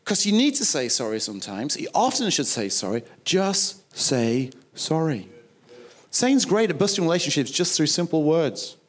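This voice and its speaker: A man's voice: fairly high pitch, sing-song, brisk, hardly any pauses. A man preaching a sermon, emphatic and conversational, acting out little quoted dialogues. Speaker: pastor.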